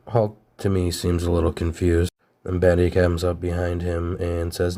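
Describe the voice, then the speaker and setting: A man with a very low voice walks through a comic issue in a relaxed, plainspoken way. He summarizes the panels casually and adds his own asides. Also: normal speed, gravelly. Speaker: comic reviewer.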